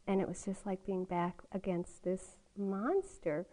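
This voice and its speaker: A woman's voice: medium pitch, steady tone, measured pace, mellow, low-quality recording. An older woman giving a meditation talk at a retreat, telling a personal story in a candid way and laughing often. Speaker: meditation teacher.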